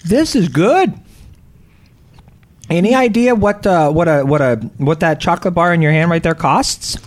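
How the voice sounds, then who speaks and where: A man's voice: a little high, a little fast. Chatty male radio host. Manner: chatty, jokey, stumbles and restarts. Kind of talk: casual on-air chat.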